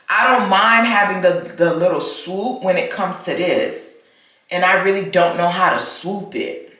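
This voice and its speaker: A young American woman rants expressively in a casual vlog, swearing and repeating herself. Her voice is lowish and a bit bright, captured on a camera mic in a very echoey room.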